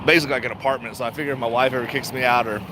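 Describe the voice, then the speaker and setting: A man's voice: medium pitch, fairly even intonation, rapid-fire, background noise. A middle-aged man chatting casually to viewers, laid-back and rambling, laughing often. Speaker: stock vlogger. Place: around his retail shop and car.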